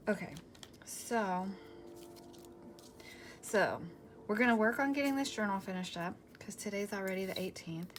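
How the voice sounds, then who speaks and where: A woman in her forties, a craft vlogger, chatting casually and rambling through a story while she works, sometimes dropping to a soft near-whisper. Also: fairly low pitch. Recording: paper crinkling noise in the background.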